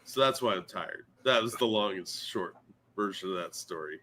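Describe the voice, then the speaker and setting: Sleepy, bright-voiced man chatting on a stream. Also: low voice, lively intonation, normal speed. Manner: sleepy, self-deprecating, swears freely. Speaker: podcast co-host. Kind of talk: casual morning stream chat.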